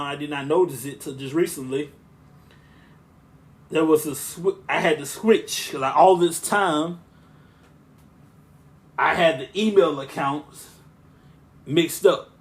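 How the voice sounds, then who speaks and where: Man with a smooth, monotone voice. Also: a little high. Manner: rambling, with frequent restarts and asides. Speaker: podcast host and preacher. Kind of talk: casual podcast talk.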